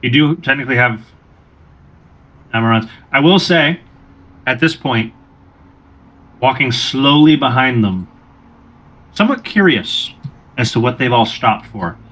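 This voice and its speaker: A man runs a tabletop game, narrating in a steady, descriptive way. His voice sits in an ordinary middle pitch. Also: a little slow, long pauses. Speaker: game master.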